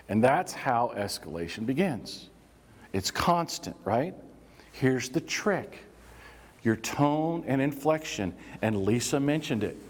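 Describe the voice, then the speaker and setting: A man teaching a room full of staff, loose and conversational, tossing questions to the crowd and acting out little scenes. His voice sits at an ordinary middle pitch. The sound rings out with a long hall reverb. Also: expressive, slow. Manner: conversational, engages audience with prompts and acted examples. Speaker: workplace safety trainer. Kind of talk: live training workshop talk.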